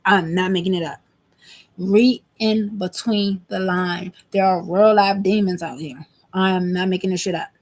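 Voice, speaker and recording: A woman's voice: fairly low pitch, steady tone, moderate pace, a little mellow. A woman in her thirties venting to camera in an emphatic, repetitive, agitated monologue. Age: 30s. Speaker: vlogger.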